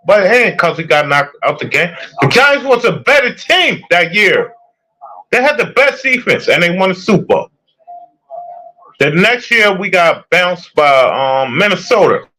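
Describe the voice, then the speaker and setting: A man's voice: high-pitched, bright, forceful tone, rough recording. Heated man ranting about football. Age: young adult. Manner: profane, heated, repetitive. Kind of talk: casual sports rant.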